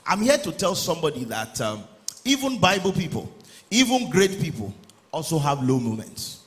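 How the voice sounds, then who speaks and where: A man's voice: on the high side, big pitch swings, a little fast, a bit bright. Male pastor, sermon delivery that builds to emphatic peaks, roomy echo. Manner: preaching, reading scripture aloud, building to emphatic peaks. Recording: echoey room with faint ambient noise.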